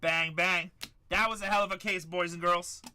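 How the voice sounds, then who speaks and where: A man's voice: high-pitched, fairly even intonation, normal speed, slight background noise. A middle-aged man hosting a live card break, hyping up the chat and repeating his calls. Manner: hyped, shouts up to the chat, repeats lines.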